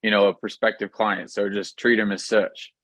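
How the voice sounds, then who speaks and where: A man chatting casually on a coaching call, agreeable and easygoing, using relaxed slang. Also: on the low side, moderate pace, no room sound, low-quality recording. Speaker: coaching client.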